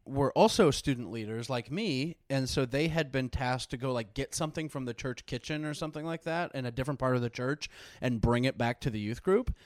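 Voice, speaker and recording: A young man telling a personal story in casual chat, animated and profane, acting out the people he quotes. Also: mid-range voice, fairly quick, no echo, studio quality. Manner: animated, swearing, acts out quoted voices.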